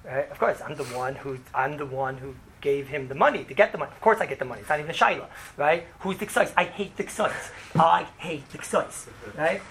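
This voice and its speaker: A man's voice: on the high side, expressive, brisk, a bit bright, a little hiss or hum, voice pushed down. A man putting on the voice of an indignant adult buyer who insists the money is his. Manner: insistent, self-righteous.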